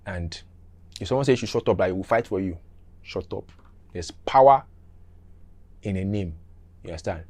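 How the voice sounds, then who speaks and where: A middle-aged man tells a story from his youth in a loose, casual way. He is animated, repeats himself and acts out the scenes with sound effects and small asides. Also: deep voice, moderate pace, long pauses.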